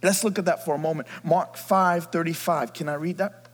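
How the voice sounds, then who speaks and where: A man preaching an Easter sermon as pastor, swinging from near whispers to loud shouts. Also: a little high, fairly even intonation, normal speed. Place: church sanctuary. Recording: long hall reverb.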